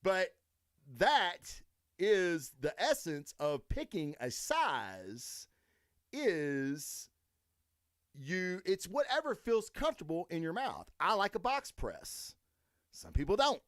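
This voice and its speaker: A man's voice: high-pitched, wildly swooping pitch, takes it slowly, a bit bright, no room sound. Guy rambling on his podcast, cussing nonstop, voice bouncing all over, dry close sound. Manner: crude, rambling, swears constantly. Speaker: podcast host. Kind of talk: profane casual monologue.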